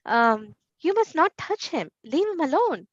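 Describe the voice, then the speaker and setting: A woman's voice: sits high, sing-song, a little slow, no echo, dull audio, voice pushed up. A woman voicing a mother who scolds her son about a dirty dog, with a raised, exclaiming voice. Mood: scolding.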